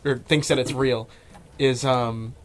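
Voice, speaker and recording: A man's voice: medium pitch, fairly even intonation, slow, slight background noise. A man in casual gaming chat, speaking in a dry, understated way.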